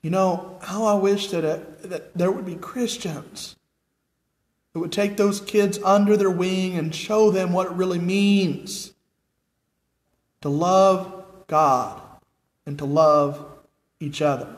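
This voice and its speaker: Earnest American male preacher with a high voice. He preaches in a reverberant church hall. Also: steady tone, takes it slowly, long pauses. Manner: earnest, asks the congregation repeated questions. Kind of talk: sermon. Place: church sanctuary with nearly empty pews.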